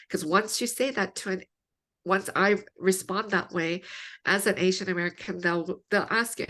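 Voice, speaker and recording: A woman's voice: medium pitch, moderate pace, fairly bright tone. A woman theologian answering podcast interview questions in an earnest, explanatory way, building her point through many examples. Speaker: theologian guest.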